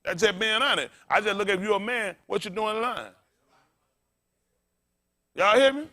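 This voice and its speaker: A man's voice: sits high, animated, moderate pace. A man preaching a sermon as pastor, blunt and profane, drawing answers from the congregation and often laughing. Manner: loud call-and-response preaching, blunt and profane.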